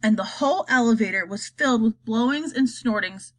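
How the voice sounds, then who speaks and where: A woman reading a children's storybook aloud, expressive and lively. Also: on the high side, brisk. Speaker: reader.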